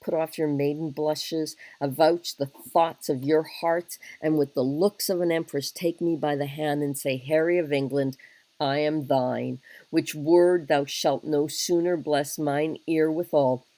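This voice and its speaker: A woman's voice: sits low, fairly even intonation, a little slow, warm tone, no echo, poor audio. A woman teacher reading aloud a blunt young English king in an earnest, plain-spoken wooing speech. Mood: ardent. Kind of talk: dramatic reading of a play.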